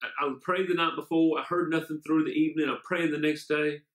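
A man's voice: a little high, fairly even intonation, fairly quick, a bit bright. A man, a pastor, preaching an online sermon and praying, fervent and often repeating amen and hallelujah. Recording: echoey room.

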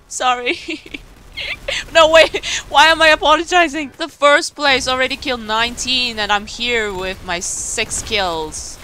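A woman giving casual, excitable commentary on her own gameplay, mocking herself and laughing often. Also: high voice, takes it slowly, a little hiss or hum. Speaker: gaming video creator. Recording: faint game music behind.

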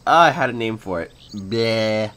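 A man's voice: lowish voice, animated, unhurried, fairly bright tone. Rambling young man gaming chat. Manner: rambling, filler-heavy, giggly. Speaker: gaming YouTuber. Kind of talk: casual let's-play chat.

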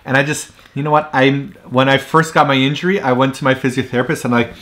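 A man's voice: medium pitch, fairly even intonation, quick pace, a bit bright. A man co-hosting a casual live stream from home, chatting and telling a playful story.

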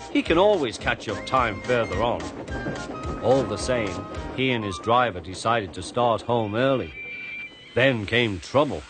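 British male storyteller, animated children's reading, mid pitch, music bed underneath. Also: unhurried.

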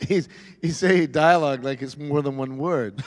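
A man, a voice actor on a convention panel, bantering playfully with mock-pompous lines and shouting for comic effect. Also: fairly high pitch, very noisy. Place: large convention hall.

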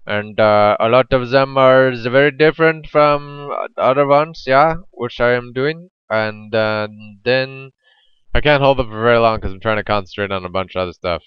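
A young man casually commentating his own game, rambling and joking, sometimes slipping into brief squeaky silly voices. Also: moderate pace, smooth, no echo, highs cut off.

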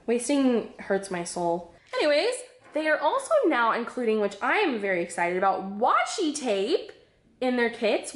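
A woman chatting casually and excitedly while unboxing crafts, a little out of breath, bubbly and giggly. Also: a little high, reverberant. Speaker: craft vlogger.

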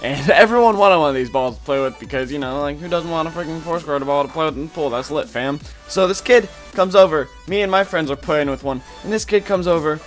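A young man hosting a gaming channel, telling a casual story with lots of "like" fillers and animated retelling. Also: a little high. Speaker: YouTube gaming channel host.

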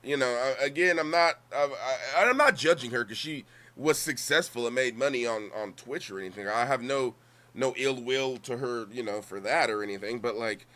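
A man with a bright, forceful voice gives loose live-stream commentary, stumbling over himself and repeating words as he goes. He swears freely and circles back on his points, speaking at a middle pitch. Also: moderate pace. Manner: rambling, profane, frequent restarts and repeated words. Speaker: streamer reacting to clips.

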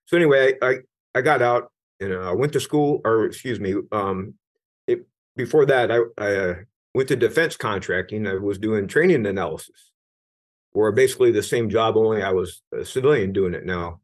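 A man's voice: lowish voice, moderate pace. A middle-aged American man, a retired Navy senior chief, telling his own story candidly in an interview, earnest and at times emphatic, with frequent restarts. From United States.

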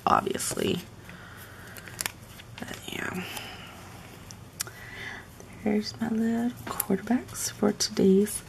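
At home with her pets, a woman livestreams herself decorating a planner, chatting casually and often drifting into murmured, half-whispered asides to herself. Her voice is medium-pitched with vocal fry, and there's slight background noise.

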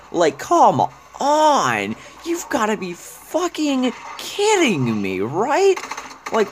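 A man giving a profane, exasperated rant while commenting on gameplay. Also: noisy background. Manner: exasperated, profane ranting, swinging pitch up and down. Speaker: gaming YouTuber.

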